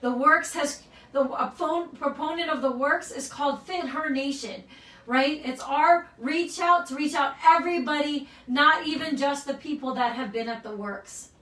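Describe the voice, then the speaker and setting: A woman's voice: sits high, normal speed, a bit bright. A woman gym owner giving an earnest, emotional pep talk to her members, often tagging lines with "right?". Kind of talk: motivational address to members. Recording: roomy sound from a distance.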